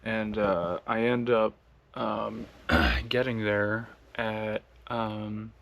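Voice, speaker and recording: A man's voice: lowish voice, steady tone, extremely slow, vocal fry, a bit bright, a little hiss or hum. A man from the United States casually telling a travel story, rambling with lots of fillers and laughing as he goes. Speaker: long-distance walker vlogging.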